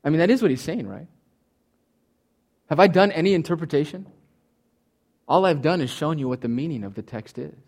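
A man's voice: a little high, expressive, brisk, long pauses, a little mellow. A man preaching a sermon, teaching from Greek words with emphatic, swinging delivery and touches of humor. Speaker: pastor.

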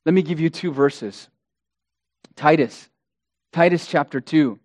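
A man's voice: fairly high pitch, a little slow, a little mellow, dry recording. A male pastor preaching an impassioned sermon, hammering points through repetition and addressing the congregation as beloved.

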